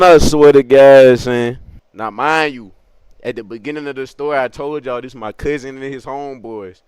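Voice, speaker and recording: A young man telling a comic story from his youth, animated, laughing often, with crude slang. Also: medium pitch, clean tone, no room sound, clean studio sound.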